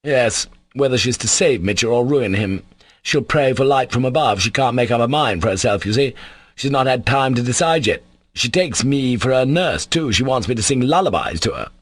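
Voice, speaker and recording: Guy voicing a sneering bitter young man, voice pushed up higher than his own, dry audiobook read. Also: animated, normal speed, no echo, natural voice. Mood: irritable. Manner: sharp, contemptuous, scornful delivery. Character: bitter sardonic young man, cold and irritable. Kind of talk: audiobook character voice.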